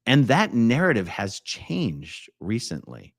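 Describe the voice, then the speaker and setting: A man's voice: mid-range voice, slow, gravelly. A man hosting a live stream, chatting casually and reading viewer comments aloud with jokes and mumbled asides. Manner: lively, swings between loud exclamations and mumbled asides. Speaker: livestream host.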